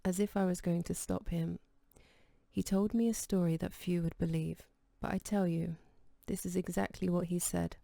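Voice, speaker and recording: A woman narrating an audiobook in a calm, measured reading style. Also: fairly low pitch, gravelly, no room sound, studio quality. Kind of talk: scripted narration.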